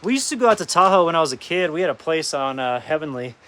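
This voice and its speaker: A man with a fairly high, somewhat bright voice talks animatedly and quickly as he hosts a casual live stream from his rural off-grid property, easygoing and greeting viewers by name as "brother." He moves between the windy outdoors and a camper, and the low-quality phone audio catches gusts and wind noise.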